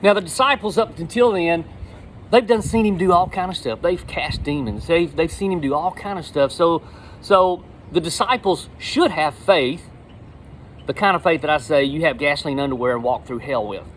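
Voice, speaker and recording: A middle-aged man giving a casual, folksy sermon, animated, with repeated words. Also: fairly high pitch, normal speed, a little hiss or hum, poor audio. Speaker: lay preacher.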